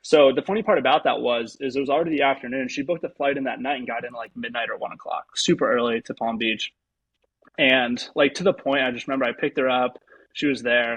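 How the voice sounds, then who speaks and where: Husky young man telling a story. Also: medium pitch, a bit bright, dry recording, lo-fi sound. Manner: rambling, lots of "like" fillers. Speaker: guest, pro baseball pitcher. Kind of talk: casual storytelling interview.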